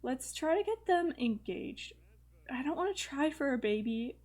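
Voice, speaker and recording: A chatty young woman talking through her gameplay with a slightly high voice. She rambles easily, with frequent fillers and small laughs. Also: lively intonation, moderate pace, a little mellow. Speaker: gaming video host. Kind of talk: casual let's-play commentary.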